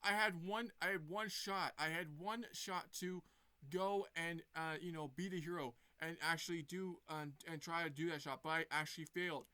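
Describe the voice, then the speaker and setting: A young male hedgehog hero who doubts himself, speaking in halting bursts with restarts, as a man retelling a cartoon film puts him on. The voice sits a little high and sounds bright and smooth. The sound is dry and close. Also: steady tone, no echo. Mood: earnest.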